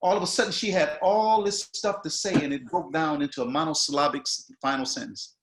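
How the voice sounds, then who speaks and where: A man giving notes to an acting student, halting and repeating words as he quotes lines aloud. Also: on the high side, a little hiss or hum. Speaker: acting teacher. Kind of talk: coaching notes in a class. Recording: roomy echo.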